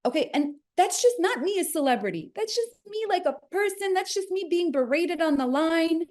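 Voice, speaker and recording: A woman in her forties with a New Jersey accent, an interview guest telling a story with expressive quoted voices. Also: very high-pitched, normal speed. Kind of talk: animated storytelling.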